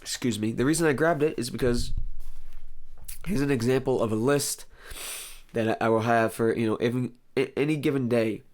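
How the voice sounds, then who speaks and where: A man with a hoarse voice hosting a comedic talk show, rambling sarcastically and clearing his throat often. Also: mid-range voice, moderate pace. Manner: sarcastic, rambling, deadpan jokes with mock outbursts. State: hoarse, lost voice. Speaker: host.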